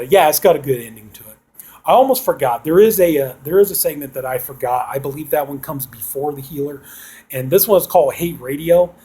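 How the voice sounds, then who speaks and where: A man's voice: medium pitch, mellow, slightly rough. A man reviewing a horror movie, casually retelling the plot with lots of "you know" fillers.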